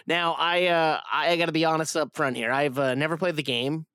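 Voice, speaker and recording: A man's voice: on the high side, steady tone, fairly quick, bright, forceful tone, smooth, no room sound, clean studio sound. A man hosting a casual film review podcast, rambling with lots of fillers and restarts.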